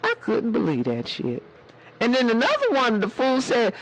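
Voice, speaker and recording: A man's voice: extremely high pitch, wildly swooping pitch, moderate pace, fairly bright tone, a little hiss or hum, poor audio. A man hosting a casual livestream chat in a sassy way, calling his viewers baby and honey. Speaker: livestream host.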